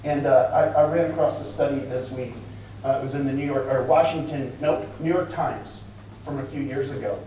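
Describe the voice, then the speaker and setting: A man's voice: mid-range voice, fairly even intonation, moderate pace, dark tone, a little hiss or hum. A man preaching a sermon in a conversational way, with casual asides to the congregation. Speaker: pastor. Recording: echoey hall, mic at a distance.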